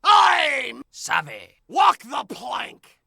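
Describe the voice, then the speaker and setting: A rowdy, shouting pirate with a rough, gravelly rasp and a high, bright, piercing tone. Each cry swings wildly up and down and is drawn out slowly. The sound is dry and close, like a stock game or cartoon voice clip. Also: male voice, wildly swooping pitch, dry recording, exaggerated voice. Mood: bellowing. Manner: bellowing stock pirate catchphrases. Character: gruff shouting male pirate. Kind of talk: sound-effect voice clips.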